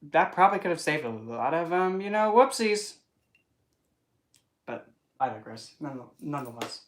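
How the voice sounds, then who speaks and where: This spiritual vlogger speaks at a moderate pace and medium pitch but with big swings in intonation, rambling casually to camera. The talk is playful, full of wordplay, asides and put-on voices.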